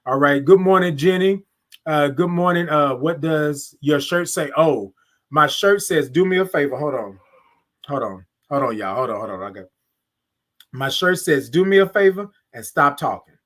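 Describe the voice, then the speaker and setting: Southern man, live-stream host, upbeat and chatty, slightly higher voice, drawn-out sung greetings. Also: expressive, a bit bright. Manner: upbeat, greets viewers by name, drawn-out sung good mornings. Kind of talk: casual live-stream chat.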